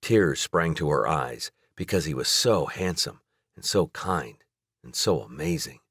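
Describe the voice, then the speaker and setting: A man reading a romance novel aloud as audiobook narrator in a steady, measured way. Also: very deep voice, vocal fry, breathy edge, dry recording, clean studio sound. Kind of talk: scripted narration.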